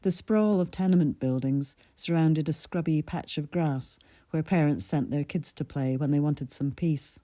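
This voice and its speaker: A woman from Scotland reading her own personal essay aloud in a measured, reflective way. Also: deep voice, dark tone, no room sound, studio quality.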